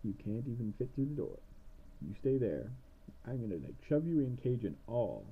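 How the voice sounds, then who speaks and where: A man voicing a cranky old female witch in a high, shrill, bossy way, on a dull lo-fi recording. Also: sing-song, moderate pace, breathy edge. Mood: mocking.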